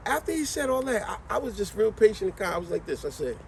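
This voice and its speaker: A man's voice: high voice, rapid-fire, creaky, few pauses, a little hiss or hum. Slangy guy preaching a story in his car, voice swings all over, mic kinda far. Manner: animated, slangy, lecturing. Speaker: vlogger. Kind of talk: casual storytelling.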